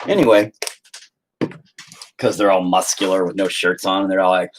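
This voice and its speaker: A man in his thirties chats crudely and jokingly at home as he paints during a livestream, often putting on shrill, mocking voices in this casual, rambling stream chat. His intonation is fairly even and his pace moderate, with background noise audible.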